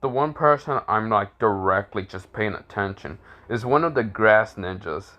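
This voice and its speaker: A man's voice: on the low side, lively intonation, normal speed, pushed and bright. A man casually improvising a fan-fiction story aloud, rambling with fillers and restarts and swearing freely.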